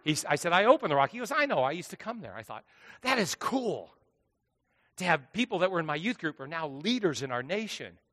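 Pastor guy preaching, high bright voice, hushed then loud, big reverby hall. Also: sing-song, fairly quick. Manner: preaching with sweeping swings between hushed and loud. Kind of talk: sermon.

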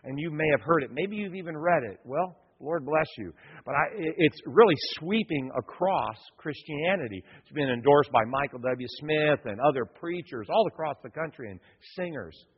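A man's voice: on the high side, animated, normal speed, slightly rough, long reverb tail, muffled recording. A male pastor preaching in a church, folksy and repetitive, acting out quotes as he goes. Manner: folksy, repeats himself, acts out quotes. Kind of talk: sermon.

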